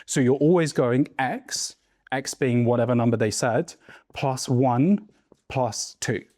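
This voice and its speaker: Taking it slowly, a man with a medium-pitched, slightly mellow voice teaches sales to business owners gathered in a room for a mastermind session. His delivery is emphatic, punctuated by "right?" and "okay?". There's no echo, just clean studio sound.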